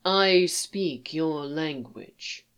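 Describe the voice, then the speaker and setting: Reading a story aloud, a woman takes on the part of a poised alien statesman, a male character whose delivery is dry, measured, and quietly amused. Her lowish voice stays slow, soft, and slightly distant.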